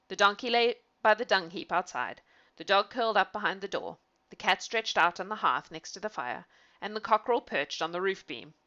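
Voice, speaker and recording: A woman reading a fairy tale aloud in an animated way, with laughing asides to her listener. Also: mid-range voice, lo-fi sound. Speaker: storyteller. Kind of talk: storybook reading.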